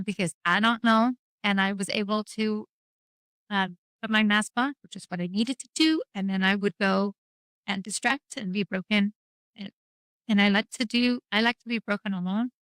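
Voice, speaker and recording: A woman's voice: medium pitch, fairly bright tone, dry recording, rough recording. Earnest woman speaking candidly. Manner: earnest, reflective, with frequent restarts. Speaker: podcast guest. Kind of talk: candid conversation about grief.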